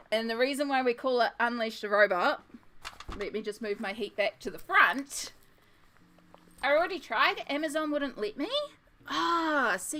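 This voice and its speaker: A woman's voice: fairly high pitch, pushed and bright. A woman streamer chatting casually with her viewers while colouring, giggly and self-deprecating. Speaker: art streamer.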